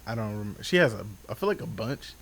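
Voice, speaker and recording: A man co-hosting a podcast in casual chat, relaxed and hesitant, with many fillers and restarts. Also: fairly low pitch, fairly quick, crowd noise. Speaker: podcast co-host.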